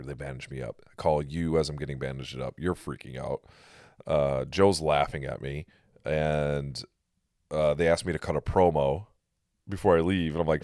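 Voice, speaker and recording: A man with a strikingly deep voice chats through a rambling story, loose and profane. The sound is dry and close. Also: fairly even intonation, normal speed, a little mellow, no room sound. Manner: rambling storyteller, swears freely. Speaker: podcast host. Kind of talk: casual chat.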